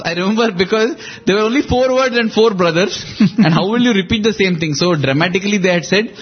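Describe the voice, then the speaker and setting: A man's voice: high-pitched, quick pace, hardly any pauses, breathy edge, lo-fi sound. A man reflectively retelling a scriptural story in conversation, acting out quoted lines with shifting emphasis.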